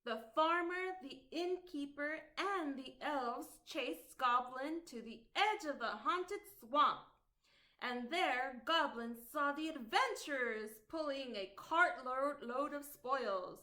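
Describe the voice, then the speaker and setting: A woman librarian reading a picture book aloud at storytime in an expressive, sing-song way. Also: sits high, slow pace. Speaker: children's librarian.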